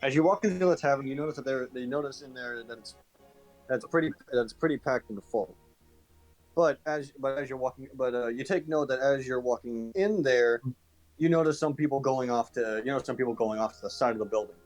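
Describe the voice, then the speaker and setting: A man running a tabletop game as its game master, at a middling pitch. He narrates in halting bursts, restarting and repeating phrases. Faint music plays behind him. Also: darkish tone, poor audio.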